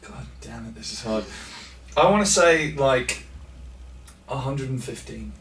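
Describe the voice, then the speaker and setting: A man chatting as an interview guest, quick to laugh and poking fun at himself, recorded backstage at a concert venue. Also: mid-range voice, animated, a bit bright. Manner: chatty, laughs often, self-deprecating. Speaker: musician guest. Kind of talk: casual interview chat. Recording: roomy, distant mic with faint noise.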